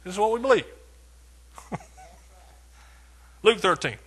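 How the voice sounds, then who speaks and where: Husky preacher man, emphatic and bright. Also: high-pitched, expressive, measured pace. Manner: preaching with emphatic repetition and rising swells. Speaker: pastor. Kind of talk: sermon.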